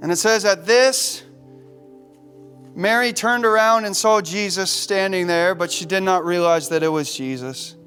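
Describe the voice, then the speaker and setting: A man's voice: high-pitched, a little slow, fairly bright tone, soft background music. A man preaching a sermon as a pastor, impassioned, repeating words as he builds to emphasis. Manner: impassioned, repeats words, voices the disciples' despair.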